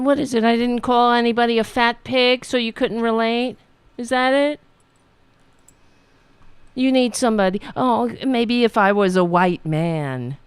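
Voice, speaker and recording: A woman's voice: mid-range voice, clear, resonant tone, no echo. A woman host ranting about politics, sarcastic and profane, mocking commenters. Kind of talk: angry political rant.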